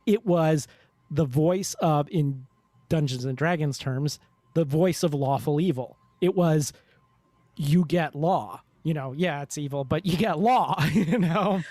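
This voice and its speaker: A man's voice: on the high side, a little slow, a little mellow, no echo. A man co-hosting a casual review podcast, talking in a wry, joking manner. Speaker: podcast co-host.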